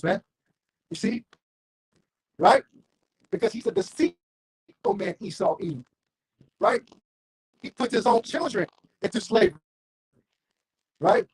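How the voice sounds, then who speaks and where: Male street preacher, gravelly and husky, lively swooping high delivery, fiery and confrontational. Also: measured pace, long pauses, dry recording. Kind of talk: street sermon with scripture reading.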